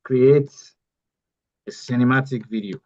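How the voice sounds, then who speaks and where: A man's voice: mid-range voice, unhurried, darkish tone, lo-fi sound. A man teaching an online workshop step by step, repeating key phrases as he goes. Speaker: AI bootcamp instructor. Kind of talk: live online tutorial.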